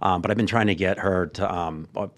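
A man's voice: sits low, steady tone, brisk. A man hosting a podcast, chatting in an easygoing way with frequent fillers. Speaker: podcast host. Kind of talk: casual chat.

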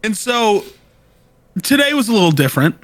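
High-pitched guy joking around on a podcast, super bouncy voice, dry close sound. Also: no echo. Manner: animated, jokey, quick to laugh. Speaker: podcast co-host. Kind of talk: casual chat.

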